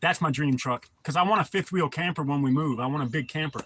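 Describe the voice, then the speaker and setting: A man's voice: on the high side, fast, fairly bright tone. A man chatting casually on a livestream, rambling and profane as he answers viewer comments. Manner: rambling, profane, laid-back. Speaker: livestream host.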